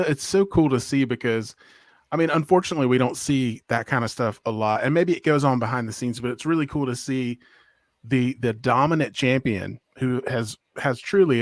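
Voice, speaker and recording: A man in his thirties co-hosting a casual wrestling talk show, enthusiastic and quick to joke. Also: mid-range voice, dry recording, studio quality. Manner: enthusiastic and joking. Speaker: podcast co-host. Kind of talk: casual chat.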